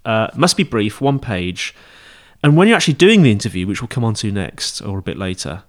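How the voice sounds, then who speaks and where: A man's voice: fairly low pitch, very animated, fairly quick. Male podcast host, casual teaching monologue, rambling and self-correcting. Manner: chatty, rambling, with frequent fillers and self-corrections.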